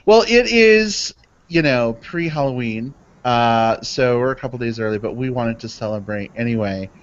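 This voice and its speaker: A man's voice: mid-range voice, animated, normal speed. A man hosting a live podcast, chatty and upbeat, filling gaps with little fillers. His voice sits mid-range. The audio is dull and lo-fi. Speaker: podcast host.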